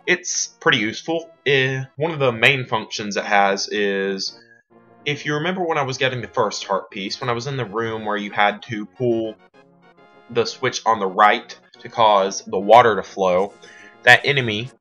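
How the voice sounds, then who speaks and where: A man with a lowish, bright, forceful voice chats through a game walkthrough, cracking jokes and drifting into side tangents. The recording is dull and lo-fi, with faint game music underneath. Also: moderate pace. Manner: rambling, joking, wanders into tangents. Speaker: let's play commentator. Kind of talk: casual game walkthrough commentary.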